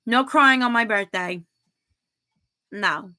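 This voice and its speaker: A woman's voice: a little high, takes it slowly, bright, forceful tone. A woman in her thirties hosting a casual livestream, reading viewer comments aloud and chatting, giggling often. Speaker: livestream host.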